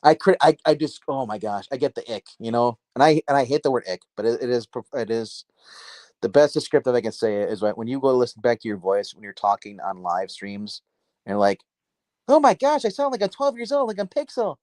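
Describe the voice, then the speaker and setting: A man hosting a casual comic book livestream from his dark house, talking on a phone. His voice sits at an ordinary middle pitch and sounds dry, with no room around it. He rambles, doubles back and fills gaps with filler words. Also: a little fast, no echo. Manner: rambling, self-interrupting, filler-heavy.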